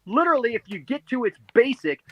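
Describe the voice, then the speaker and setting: A man's voice: very high voice, big pitch swings, fast, muffled recording. A man co-hosting a live stream, arguing emphatically and repeating himself as he pleads his point in a heated debate. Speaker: stream co-host.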